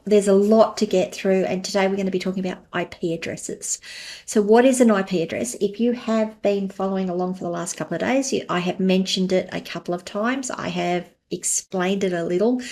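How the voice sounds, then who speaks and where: A woman's voice: fairly low pitch, darkish tone. A woman hosting a solo podcast, explaining technical terms in a conversational way with everyday analogies. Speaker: podcast host.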